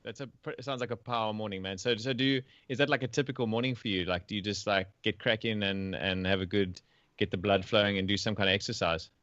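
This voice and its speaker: A man's voice: on the low side, steady tone, quick pace, fairly bright tone, no echo, dull audio. A man co-hosting a podcast in casual chat, easygoing, peppering his talk with "like" and "man.". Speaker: podcast co-host.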